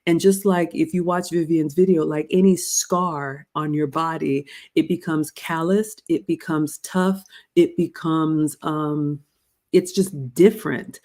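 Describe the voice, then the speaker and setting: Dark-toned woman hosting an advice chat. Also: low-pitched, fairly even intonation, measured pace. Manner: conversational, addresses listeners as ladies. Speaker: host. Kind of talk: casual advice chat on etiquette.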